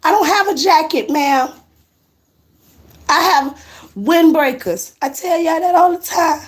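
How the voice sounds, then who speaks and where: A woman's voice: very high-pitched, sing-song, measured pace. A woman chatting casually on a live stream from her apartment, teasing viewers and answering their comments aloud.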